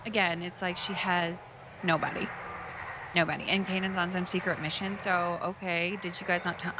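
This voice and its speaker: A woman's voice: lowish voice, flat delivery, normal speed, background noise. A woman streamer commenting on a video game as she plays, chatty and emotional, rambling through her thoughts. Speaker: let's play streamer. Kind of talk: casual gameplay commentary.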